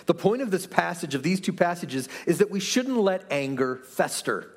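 A man's voice: high-pitched, very animated, moderate pace. A pastor giving an earnest, conversational sermon to his church, asking the room rhetorical questions. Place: church sanctuary.

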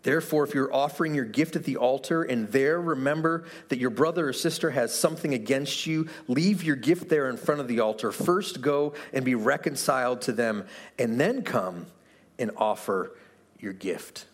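A man's voice: medium pitch, moderate pace. A pastor giving an earnest, conversational sermon to his church, asking the room rhetorical questions. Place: church sanctuary.

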